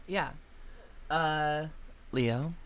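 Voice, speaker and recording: A man acting as game master of a tabletop role-playing session, relaxed and accommodating as he calls for checks. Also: on the high side, drawn-out words.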